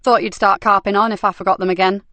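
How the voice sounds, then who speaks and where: A woman voicing a tough, blunt female detective inspector, speaking brisk, loud and wry. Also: mid-range voice, fairly even intonation, dry recording, natural voice.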